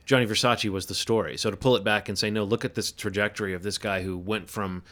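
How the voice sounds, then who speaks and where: A man's voice: fairly low pitch, quick pace. A man hosting a podcast, talking casually and joking about a lost recording. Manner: relaxed, rambling, joking. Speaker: podcast host. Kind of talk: casual chat.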